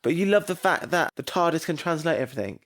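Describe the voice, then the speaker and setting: A man co-hosting a casual podcast, animated and quick to argue. His voice sits a little high and swings widely in pitch. He pushes his points with energy. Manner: animated, argumentative. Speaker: podcast co-host. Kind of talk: casual chat.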